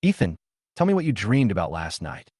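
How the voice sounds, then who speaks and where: A man doing a nosy young classmate who pries eagerly for gossip, in a low voice with lively swings of pitch. The recording is dry and close to the mic. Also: a little fast, husky, no echo. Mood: prying.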